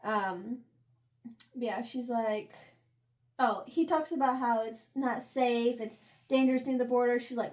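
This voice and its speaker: A young woman with a high, bright-sitting voice chats casually through a book recap. She's slangy and quick to laugh, and she slips into short character impressions as she goes. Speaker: book review podcast co-host. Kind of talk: casual chat recapping a novel.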